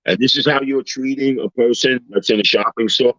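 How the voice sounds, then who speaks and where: A man on a talk panel, telling everyday stories in a casual, animated way and acting out the people he quotes. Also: medium pitch, brisk, no echo. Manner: animated storyteller, acts out quoted voices. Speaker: panel guest. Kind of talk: casual storytelling chat. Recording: slightly dull lo-fi sound.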